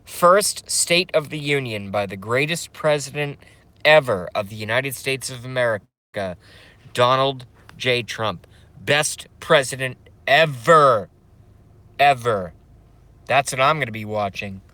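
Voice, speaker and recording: This livestream host has a mid-range voice that sounds pushed and bright, and he speaks unhurriedly in a dry recording. In a casual stream he rambles and curses, gets emotional, and reads chat comments out loud.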